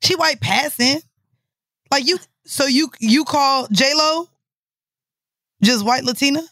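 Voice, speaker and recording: A woman's voice: high voice, sharp tone, no room sound, clean studio sound. Sassy, crude young woman co-host. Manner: sassy, crude, quick comebacks. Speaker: podcast co-host. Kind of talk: casual chat.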